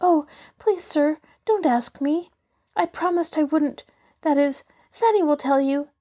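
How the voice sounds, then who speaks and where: A woman's voice: sits high, sing-song, a little slow, warm tone, voice pushed up. A woman voicing a timid, earnest young girl in an audiobook, pleading in a raised voice. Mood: anxious pleading.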